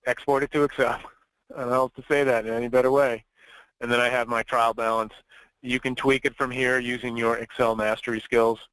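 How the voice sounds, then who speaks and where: A man talks through a software demo in a loose, conversational way, filling his steps with "you know" and "um." His voice sits at an ordinary middle pitch, and the recording is dry and close, with no room sound around it. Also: dry recording, low-quality recording. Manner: casual, chatty, many fillers. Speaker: software trainer. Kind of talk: screen-share software walkthrough.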